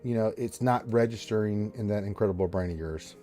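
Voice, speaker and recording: A man's voice: on the low side, fairly quick, dark tone. A man runs a tabletop game as game master, talking loosely with lots of fillers. He jokes with his players and sounds a little tipsy. Faint music plays behind him. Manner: loose, joking, rambling with fillers. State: a bit tipsy. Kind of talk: running a tabletop game, casual chat.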